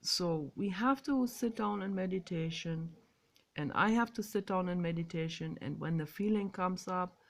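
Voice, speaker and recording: A woman vlogger talking through a casual monologue outdoors, stressing words loudly and then dropping to a soft whisper. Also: fairly low pitch. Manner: emphatic and drawn-out, swinging between loud stresses and soft whispers. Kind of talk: casual spoken monologue on meditation.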